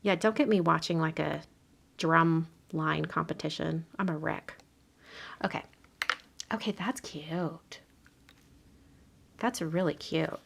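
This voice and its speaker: Chatty woman with a gravelly low voice. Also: slow, long pauses, a little hiss or hum. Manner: chatty, drops to soft murmurs while working. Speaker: card-making host. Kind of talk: casual live craft demo chat. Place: home craft room.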